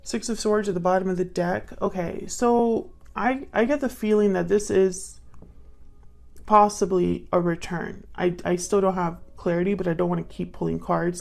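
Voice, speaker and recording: A woman's voice: on the low side, vocal fry, a little mellow. A woman giving a casual tarot reading, thinking aloud and murmuring questions to the cards as she pulls them. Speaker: tarot reader.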